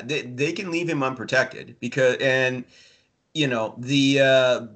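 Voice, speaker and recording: A man's medium-pitched voice comes across pushed and bright. A hockey writer and podcast regular, he chats casually about hockey, sardonic and rambling, with dry sarcasm and lots of fillers.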